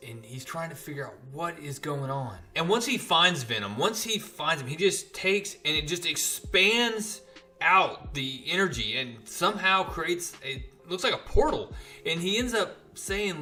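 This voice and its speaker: Chatty man reviewing comics, bright voice. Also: on the high side, expressive, unhurried, faint music behind. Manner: enthusiastic, chatty. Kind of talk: casual comic recap vlog.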